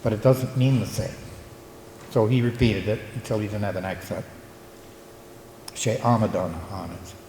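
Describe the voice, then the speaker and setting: Older man, low mellow voice, reflective storyteller, echoey hall. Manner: reflective storyteller, halting with fillers. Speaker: local historian and retired art teacher. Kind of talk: conference talk. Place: conference hall. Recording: echoey hall, faint room noise.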